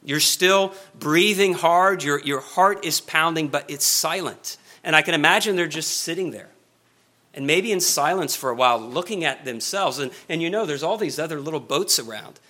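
A man preaching an expository sermon, earnest, slowing and speeding up for emphasis. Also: a little high. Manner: earnest, varies pace and loudness for emphasis.

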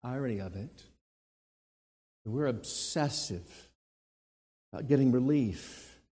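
A man preaching a sermon who swings between forceful, emphatic lines and hushed, quiet ones. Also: medium pitch, slow pace, slightly rough. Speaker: pastor. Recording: long hall reverb.

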